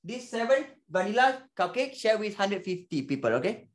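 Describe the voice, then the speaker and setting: Lively Malaysian maths teacher man. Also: high voice, normal speed, reverberant. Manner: energetic, coaxing, mixes Malay and English. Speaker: primary school maths teacher. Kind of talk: lively online class.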